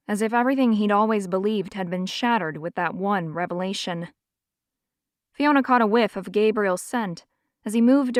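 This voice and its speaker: A woman narrating an audiobook in a measured, even storytelling manner. Her voice sits in a middle range. The recording is close and dry, with no room echo. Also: medium pitch.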